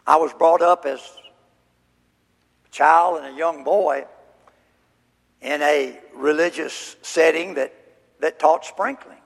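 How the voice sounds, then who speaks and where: A high-pitched man with a gravelly edge preaches at a slow, deliberate pace. His emphatic exposition of scripture rings with long hall reverb. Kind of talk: sermon.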